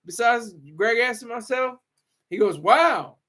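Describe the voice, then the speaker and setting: High-voiced man rambling casually. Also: lively intonation, normal speed, fairly bright tone. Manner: rambling, frequent restarts and laughs. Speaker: show regular.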